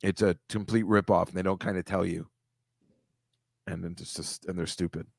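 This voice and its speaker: A man's voice: low-pitched, fairly even intonation, normal speed, vocal fry, dry recording, studio quality. A man hosting a casual video-call chat over shared slides, rambling, wry and mocking, swearing freely. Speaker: host.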